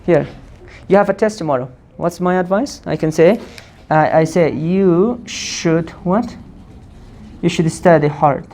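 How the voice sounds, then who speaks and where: A woman teaching an English grammar lesson, quizzing the class and answering her own questions, repeating forms slowly. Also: on the low side, warm tone. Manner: asks the class questions and answers them herself.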